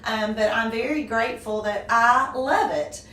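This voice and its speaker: A woman's voice: fairly high pitch, a little slow. A middle-aged woman with a Southern US accent, answering interview questions graciously with frequent laughs. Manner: warm, gracious, laughs often. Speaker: guest, small business owner. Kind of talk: conversational interview. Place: room. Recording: echoey room from a distance, faint noise.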